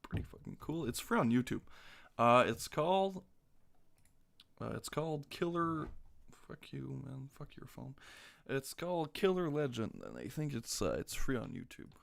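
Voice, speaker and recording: A man's voice: medium pitch, big pitch swings, normal speed, gravelly, a bit bright. A man chatting casually on a live stream, joking crudely and reading quiz questions aloud. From North America.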